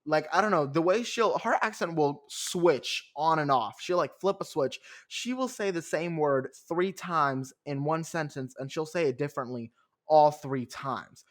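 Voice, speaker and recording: A man's voice: fairly high pitch, a little slow. A young man hosting a podcast who recaps a reality show alone in a chatty, sarcastic way, full of fillers. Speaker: podcast host. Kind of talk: casual solo recap.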